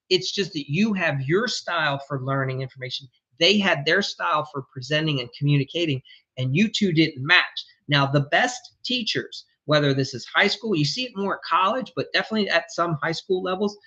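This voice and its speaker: High, bright-voiced blunt male sales coach. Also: husky, muffled recording. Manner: emphatic, blunt, swears casually. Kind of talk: energetic coaching talk.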